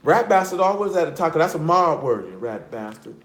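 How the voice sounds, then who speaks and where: A man preaching a sermon in a blunt, animated street style, mixing scripture reading with slang. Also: a little high, brisk. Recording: echoey room.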